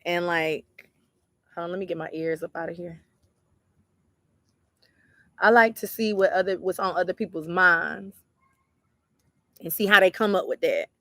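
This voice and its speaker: On her livestream, the Georgia-born tarot reader goes through viewer comments in a bright, rather low voice at a normal speed, leaving long pauses. She's relaxed and chatty, speaking directly to her audience as y'all, and the sound has no echo.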